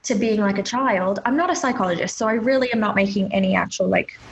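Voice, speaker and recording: A woman co-hosting a podcast in casual chat, talking in an animated way that rises in pitch when she gets worked up. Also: quick pace, vocal fry, breathy edge, rough recording. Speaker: podcast co-host.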